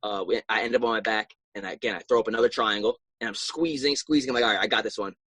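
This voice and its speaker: A young man and professional fighter telling his story in a casual interview, animated and acting out his own past reactions. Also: on the low side, rapid-fire, husky, no room sound, low-quality recording.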